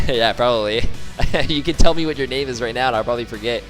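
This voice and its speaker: A man's voice: mid-range voice, a little fast, over music. A male streamer chatting casually and joking around, repeating words as he tries out pronunciations.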